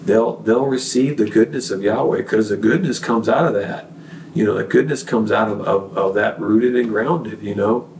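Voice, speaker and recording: A man's voice: lowish voice, normal speed, vocal fry, a little mellow, reverberant, recorded from a distance, a little hiss or hum, low-quality recording. A man, a podcast guest, giving an earnest, preachy faith testimony full of fillers and restarts. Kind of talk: casual testimony.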